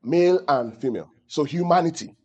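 A husky-voiced man delivering a teaching sermon to his congregation. His pitch sits a touch high and swings widely as he presses points home, stopping again and again to put questions to the room. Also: expressive, fairly quick, darkish tone, muffled recording. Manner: calls out questions to the audience. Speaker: pastor.

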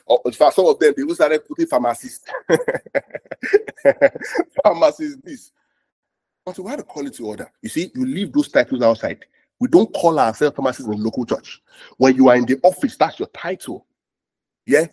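A pastor preaches a sermon in a husky, mid-range voice with a darkish tone. He leans on repetitive call-and-response, repeating phrases and asking the congregation "are we together?".

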